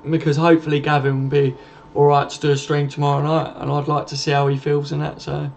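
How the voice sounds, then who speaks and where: A man's voice: on the high side, completely flat delivery, fast talker, gravelly, darkish tone. A young man hosting a late-night live stream from home, casually reading out and answering viewer comments and swearing freely. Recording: dull lo-fi stream audio with faint noise.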